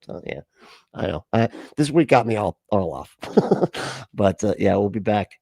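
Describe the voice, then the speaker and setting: A man's voice: on the low side, big pitch swings, measured pace, gravelly, a little mellow, breathy edge, no room sound, clean studio sound. A man casually hosting a livestream reaction, chatty and rambling, laughing often as he talks.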